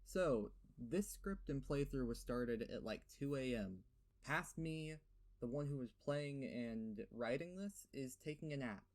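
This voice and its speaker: A man's voice: medium pitch, animated, measured pace, a little mellow. A young man with a lisp giving a sarcastic, profane game review voiceover, full of fillers and rants. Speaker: gaming video host.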